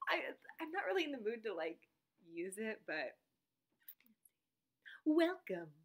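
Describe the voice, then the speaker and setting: A woman chatting to her viewers from home, rambling from point to point and laughing often. Her voice is bright and forward, sitting a little high. She talks straight to a camera mic in a relaxed, unscripted way. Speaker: teacher and reaction vlogger. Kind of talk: casual chat to viewers.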